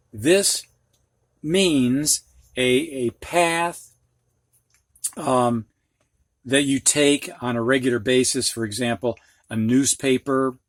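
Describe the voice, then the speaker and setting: Slow, patient older man teaching phonics. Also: mid-range voice, dry recording, studio quality. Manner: slow, patient, explaining with everyday examples. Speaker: reading teacher. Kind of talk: phonics lesson for students and teachers.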